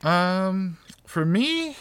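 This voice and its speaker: A man's voice: high-pitched, big pitch swings, very slow, fairly bright tone, clean tone, dry recording. A man co-hosting a podcast in casual chat. He rambles loosely, leans on "like" and "you know", and laughs often. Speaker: podcast co-host.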